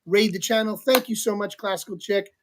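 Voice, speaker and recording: A man hosting a casual livestream talk show, giving upbeat, enthusiastic shout-outs and prompting his guests. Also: high-pitched, brisk, slight background noise.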